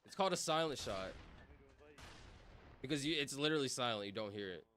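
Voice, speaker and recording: A young man streams from home in a medium-pitched, expressive voice, a little fast and fairly bright, with slight background noise. His casual chat rambles, thick with fillers and endless "like" and "bro."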